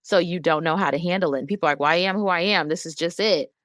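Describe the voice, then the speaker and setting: A woman in her thirties, a guest on an interview show, speaking candidly and earnestly, growing animated when she quotes other people. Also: lowish voice, quick pace, no echo, clean studio sound. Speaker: guest, emotional wellness advocate.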